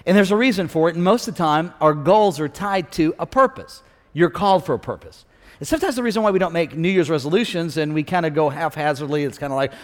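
Energetic pastor preaching in a reverberant church. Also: male voice, a little high, fast. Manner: energetic, joking, calls out to the congregation. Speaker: senior pastor. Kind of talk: sermon with jokes. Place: large church auditorium. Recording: long reverb of a large hall.

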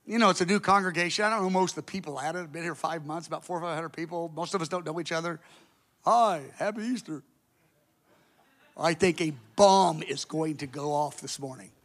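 A man preaching as a pastor, telling a story in an animated way, jumping from loud outbursts to hushed asides and acting out the people in it. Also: on the high side. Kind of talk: sermon storytelling.

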